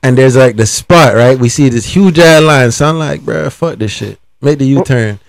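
A man hosting a podcast, telling a story in an animated, swearing way. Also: mid-range voice, moderate pace, creaky, dry recording. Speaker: podcast host. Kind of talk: casual storytelling.

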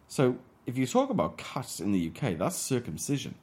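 A man's voice: mid-range voice, wildly swooping pitch, normal speed, darkish tone. A man from Wales co-hosting a podcast, chatting in a laid-back way and swearing freely. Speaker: podcast co-host. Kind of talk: casual chat.

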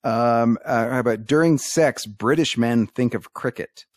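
A man's voice: mid-range voice, unhurried, dry recording. Dry-voiced man telling corny jokes. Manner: deadpan joke delivery, coaxing laughs with "come on". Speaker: podcast co-host telling jokes. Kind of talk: casual podcast banter.

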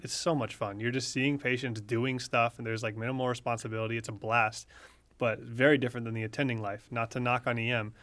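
A young man co-hosting a podcast, talking in a relaxed, conversational way and giving advice. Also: mid-range voice. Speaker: podcast co-host, medical student. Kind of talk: casual podcast chat.

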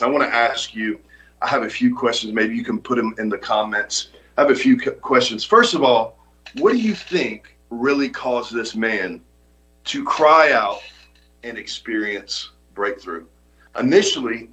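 A male pastor delivers an emphatic sermon in a bright, forward voice. He repeats his main points for weight and gives the scripture quotes sudden high, dramatic lifts. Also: low-quality recording. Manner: emphatic preaching, repeats key lines; reads scripture with dramatic pitch rises.

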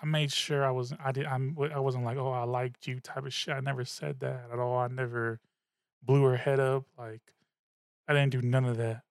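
A man's voice: mid-range voice, flat delivery, moderate pace, gravelly, no echo, clean studio sound. A man hosting a casual solo podcast, rambling and swearing in a laid-back way, a little tipsy and slurring slightly. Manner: rambling, profane, laid-back, laughs at himself. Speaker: podcast host.

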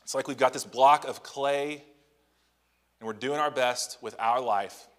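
A man's voice: medium pitch, unhurried, in a large hall. Conversational preacher man, rhetorical "right?". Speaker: pastor. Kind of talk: sermon. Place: church sanctuary.

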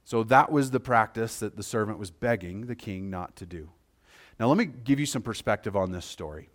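A man preaching a sermon as pastor, talking conversationally and checking in with his listeners, moving between quiet, slow passages and louder, quicker ones. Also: fairly low pitch, animated.

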